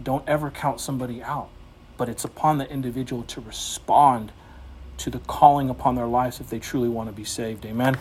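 A man's voice: medium pitch, fairly quick, breathy edge. A man preaching an informal sermon in a conversational way, getting emphatic at times. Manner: conversational, emphatic, rising to animated exhortation.

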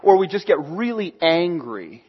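Man, pastor, sermon, conversational, high voice, muffled lo-fi sound. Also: sing-song, measured pace, breathy edge. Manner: conversational, acts out quoted voices.

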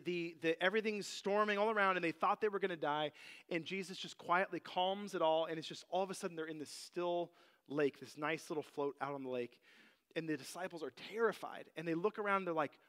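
Man, high-pitched voice, casual Bible teaching, conversational, many fillers. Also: fairly bright tone. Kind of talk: casual sermon on a Bible passage.

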